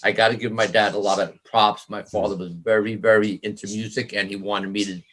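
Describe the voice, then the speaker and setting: A man's voice: fairly low pitch, a little fast. A middle-aged man from New York, a musician guest, telling stories in an interview, acting out quoted voices and laughing as he goes. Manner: animated storyteller, acts out quoted voices, laughs often. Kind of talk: storytelling interview.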